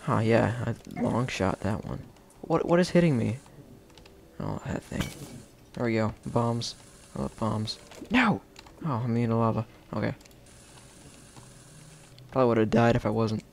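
A man casually narrating his own gameplay as the host of a game video, chatty and playful, with sudden excited shouts. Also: mid-range voice, measured pace, gravelly, long pauses, a little hiss or hum.

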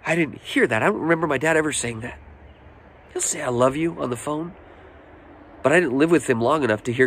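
A man's voice: mid-range voice, brisk, pauses often, a little hiss or hum. Earnest preaching man in his forties. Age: 40s. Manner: earnest, personal storytelling with emotional swells and hushed moments. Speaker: pastor. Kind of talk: sermon.

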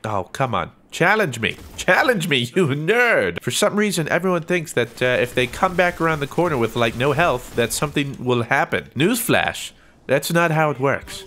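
A young man talks over his gameplay in a loose, jokey way, often breaking into yelps and laughs. His voice sits a little high for a man. It jumps around a lot, from mumbled asides to squeaky outbursts. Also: very animated, normal speed, fairly bright tone. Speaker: gaming YouTuber. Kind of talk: gameplay commentary.

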